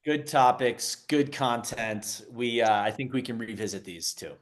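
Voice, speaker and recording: A man's voice: mid-range voice, a little slow. A man co-hosting a casual podcast, talking bluntly and firmly about coaching. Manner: blunt, firm coaching talk. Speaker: podcast co-host. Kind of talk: casual chat.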